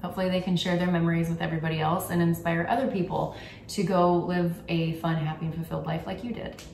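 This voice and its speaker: A woman's voice: lowish voice, flat delivery, fast talker, a little mellow, far from the mic, a little hiss or hum. A young woman vlogging casually about gift ideas, candid and chatty with frequent ums. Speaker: YouTuber. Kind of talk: casual gift-guide vlog. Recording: roomy echo, from off the mic.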